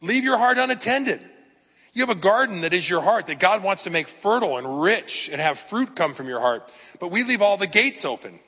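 Lively in intonation and fairly quick, this pastor in his fifties has a high, pushed, bright voice that's slightly rough. He gives a chatty, emphatic sermon of personal stories and rhetorical questions, with a long hall reverb on the recording.

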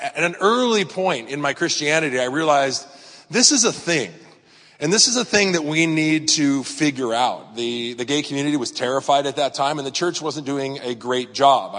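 A middle-aged male pastor speaks in a relaxed, conversational way, looping through anecdotes with plenty of "uh" and "you know". His voice sits at an ordinary pitch, and it rings out with a long reverb tail as though he is filling a large hall. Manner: rambling, storytelling, frequent fillers and restarts. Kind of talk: conversational sermon.

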